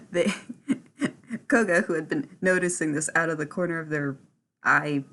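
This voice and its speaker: A woman's voice: sits low, a little slow, a bit bright. A woman playing in a tabletop role-play game, narrating her character's actions in a giggly, chatty way. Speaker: player.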